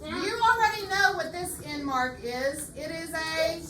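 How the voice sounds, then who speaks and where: A woman teacher leading a reading lesson in a classroom, patient and slow, repeating her questions. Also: extremely high pitch, lively intonation. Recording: echoey classroom, far mic, faint hiss.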